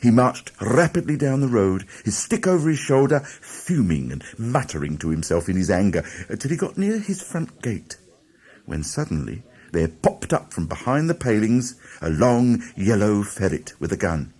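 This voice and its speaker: Lively, low-voiced male storyteller. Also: normal speed. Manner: animated, dramatic storyteller. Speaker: audiobook narrator. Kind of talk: storybook narration.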